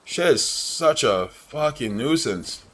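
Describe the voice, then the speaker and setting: A man's voice: medium pitch, expressive, slow, fairly bright tone. A young man livestreaming a game, chatting in a slangy, blunt way and saying "bro" a lot. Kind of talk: casual chat while gaming.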